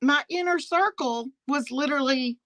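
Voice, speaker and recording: A woman rants through a story on a talk panel, indignant and quick to laugh as she speaks to the host. Her voice is bright and forceful, set a little higher than most women's, and the recording is dry and close. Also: no echo, poor audio. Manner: indignant, laughs often, addresses the host directly. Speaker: guest on a live talk panel. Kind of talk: casual storytelling rant.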